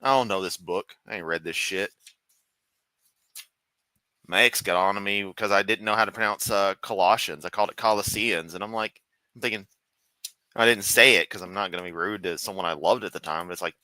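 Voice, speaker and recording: A US streamer hosts a casual reaction stream from his room at home, swearing often and rambling sarcastically. His low, bright voice is brisk and forceful, with no echo.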